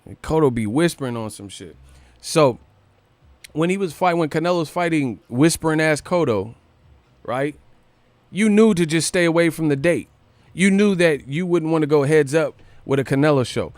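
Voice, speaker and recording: Profane animated livestream host. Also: male voice, on the high side, no echo. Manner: animated, profane, rapid rhetorical questions. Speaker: boxing news livestream host. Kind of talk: casual livestream rant.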